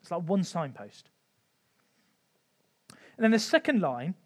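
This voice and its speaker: A man giving an informal Bible teaching talk, conversational with light humour and frequent pauses. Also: sits high, big pitch swings. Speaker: church teacher.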